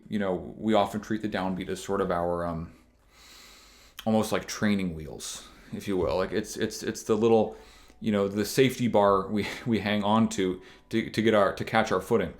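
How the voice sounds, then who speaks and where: Low-voiced man explaining banjo rhythm. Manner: rambling, thinks aloud with many restarts and fillers; counts beats aloud while demonstrating. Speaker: banjo teacher. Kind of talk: casual instructional explanation.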